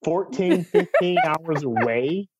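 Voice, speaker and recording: Slow, amused man telling a story. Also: a little high, sing-song, background noise. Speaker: podcast co-host. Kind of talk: casual storytelling conversation.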